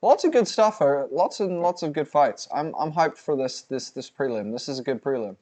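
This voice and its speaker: A man's voice: on the high side, animated, moderate pace, a little mellow. A man co-hosting a live fight watch-along, swearing, bantering and reading out chat messages. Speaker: livestream co-host.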